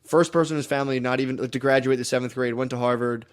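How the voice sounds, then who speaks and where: A man's voice: mid-range voice, steady tone, very fast, clear, resonant tone. A man co-hosting a podcast, telling a story in a loose, rambling way with lots of fillers and restarts. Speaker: podcast co-host. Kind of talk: casual podcast chat.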